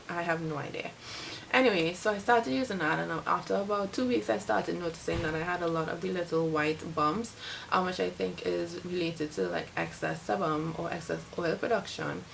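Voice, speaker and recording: A woman's voice: on the low side, brisk, gravelly, fairly bright tone, a little hiss or hum, rough recording. A young Trinidadian woman vlogging casually to camera, rambling with lots of filler words. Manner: chatty, rambling, many "like" fillers. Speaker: beauty vlogger.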